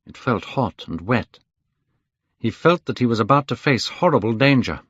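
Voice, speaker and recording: A man's voice: medium pitch, lively intonation, normal speed, breathy edge, no echo. Man reading a learner's story aloud. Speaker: story reader. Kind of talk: graded reader narration for English learners. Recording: dull, dry lo-fi recording.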